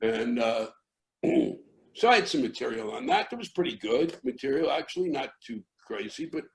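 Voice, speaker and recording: An older American man, a comedian, tells a rambling story that keeps restarting and builds into yelling. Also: mid-range voice, animated, moderate pace, gravelly, low-quality recording. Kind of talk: storytelling interview.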